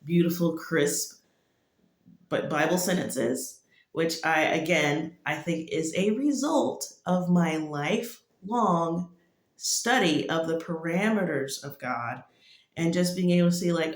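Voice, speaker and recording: A woman's voice: fairly low pitch, slow pace. A woman giving a casual spoken testimony, rambling and full of "like" fillers. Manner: rambling, heavy use of "like" fillers. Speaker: testimony speaker. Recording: echoey room.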